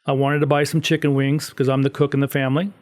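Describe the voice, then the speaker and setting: A man's voice: mid-range voice, fast. A middle-aged man, a podcast guest, telling a story in casual chat and acting out the quotes. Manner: animated storyteller, acts out quotes.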